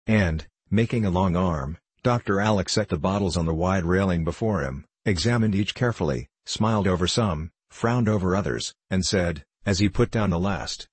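A man narrating a classic novel as an audiobook, in a measured, even storytelling manner. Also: deep voice, husky, dry recording.

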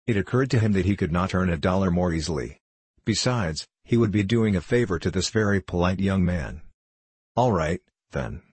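A man reading a novel aloud as an audiobook narrator in a measured, even way. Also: deep voice, husky, dry recording. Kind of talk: scripted narration.

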